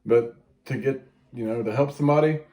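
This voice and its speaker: A man's voice: mid-range voice, brisk, mellow. A man in casual chat, earnest and rambling, swearing as he goes.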